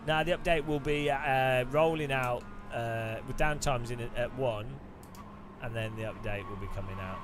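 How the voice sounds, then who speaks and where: A man's voice: mid-range voice, normal speed. Give me a joking, rambling British man streaming a racing game, faint music underneath. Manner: rambling, joking, self-interrupting. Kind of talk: casual live-stream chat.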